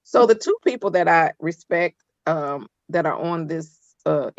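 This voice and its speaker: A woman's voice: sits low, expressive, a little slow, dry recording, dull audio. A woman judge sternly lecturing from the bench over a video call, firm and scolding.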